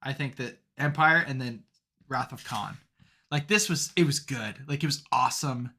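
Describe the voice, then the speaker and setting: A young man with a bright, forward voice chats casually as a podcast co-host. He rambles through his stories, piling on fillers, and grows animated when a story gets going. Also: medium pitch, normal speed. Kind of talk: casual chat.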